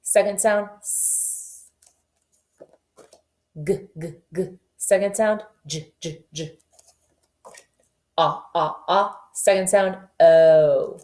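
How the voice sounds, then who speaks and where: Slow, low-pitched woman teaching phonics. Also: darkish tone. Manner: slow, deliberate letter sounds and rhythmic reading. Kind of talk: remote phonics lesson. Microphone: camera facing the teacher.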